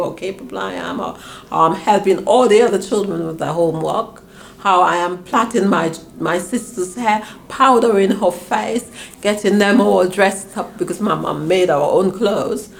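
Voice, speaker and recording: A woman's voice: vocal fry, slight background noise. An older woman from Grenada, telling stories about her past in an interview and acting out her parents' voices. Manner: animated, acts out her parents' voices with big pitch swings. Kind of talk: reminiscing storytelling.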